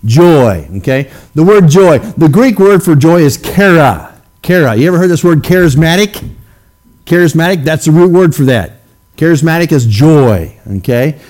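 Man preaching a relaxed sermon. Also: on the high side, moderate pace. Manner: conversational preaching, frequent "okay?" check-ins with the congregation. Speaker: pastor. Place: church sanctuary.

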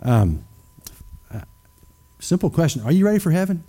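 Man, preacher, sermon, emphatic, questioning the congregation, fairly high pitch. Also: big pitch swings, moderate pace, warm tone, breathy edge. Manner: acts out skeptics in mocking voices.

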